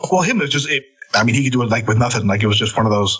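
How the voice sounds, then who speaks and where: A man casually telling wrestling-road stories, animated and cursing, acting out the quotes. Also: mid-range voice, rapid-fire, husky, muffled recording, soft background music. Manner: animated, swearing, acts out quotes. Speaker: podcast guest, former wrestler. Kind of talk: casual storytelling.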